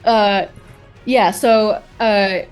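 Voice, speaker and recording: A woman's voice: medium pitch, fairly even intonation, very slow, clear, resonant tone, soft background music. A woman playing a tabletop game, explaining her moves in a hesitant way, full of fillers and restarts. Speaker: player.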